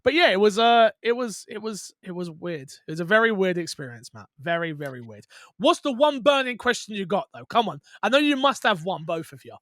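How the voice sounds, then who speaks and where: A young British man hosting a casual gaming podcast, high-pitched and bright-toned. He is worn out yet excitable, jumping from loud bursts to quiet mumbles. The sound is dry and close. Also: a little fast, dry recording. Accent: British English. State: very tired. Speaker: podcast host.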